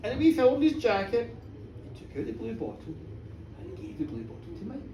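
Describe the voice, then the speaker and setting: A woman tells a folk tale live in a pub, dramatic and playful with a high, swooping voice. She is recorded from afar in a reverberant room with faint ambience behind her. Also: wildly swooping pitch, fast talker, dark tone, far from the mic, slight background noise. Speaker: storyteller. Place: pub, indoors.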